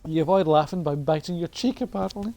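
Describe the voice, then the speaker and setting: A woman's voice: on the low side, quick pace, mellow. A woman streaming a game, reading the on-screen text aloud and often breaking into helpless laughter until she is in tears. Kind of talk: let's play with read-aloud narration.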